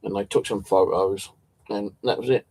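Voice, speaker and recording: A man's voice: lowish voice, fairly even intonation, normal speed, warm tone, husky, no echo. A man telling a story in a casual, rambling way, swearing often and tripping over his words. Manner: swears a lot, restarts and stumbles. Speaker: channel host.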